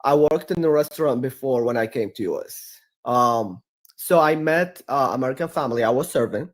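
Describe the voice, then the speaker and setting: A man's voice: mid-range voice, normal speed. A man from Iraq with an Iraqi accent, a guest on a livestream, telling stories emphatically and repeating himself as he restarts phrases. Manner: repetitive, emphatic storytelling with frequent restarts. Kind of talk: casual debate-stream chat.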